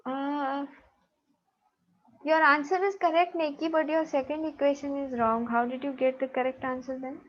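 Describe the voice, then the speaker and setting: Woman, math teacher online, patient and encouraging, raised pitch, dull call sound. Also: fairly even intonation, moderate pace. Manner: patient, checking students' answers aloud.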